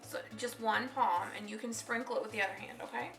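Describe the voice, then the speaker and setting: Woman vlogger, high and bright, calm step-by-step kitchen instruction to a kid. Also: fast, faint music behind. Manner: patient step-by-step instructions, coaching a child. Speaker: home baking vlog host. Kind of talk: casual baking demonstration. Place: home kitchen.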